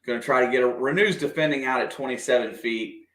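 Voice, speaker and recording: A man doing casual, partisan play-by-play of a basketball game for a livestream, excitable and quick to react to the officials. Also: medium pitch. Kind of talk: fan play-by-play commentary. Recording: echoey room.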